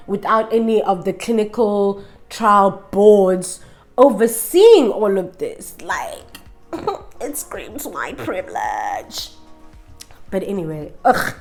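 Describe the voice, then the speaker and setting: A woman's voice: mid-range voice, very animated, slow, darkish tone. Woman vlogger, sassy and emphatic, rhetorical questions, faint music underneath. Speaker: vlogger reviewing documentaries. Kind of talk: opinionated casual review.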